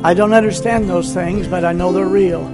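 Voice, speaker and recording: A male pastor preaching a sermon to his congregation, fervent and emphatic, drawing out key phrases, then dropping to a softer, confiding tone. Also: sits high, steady tone, normal speed. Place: church sanctuary. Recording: church hall reverb with soft music.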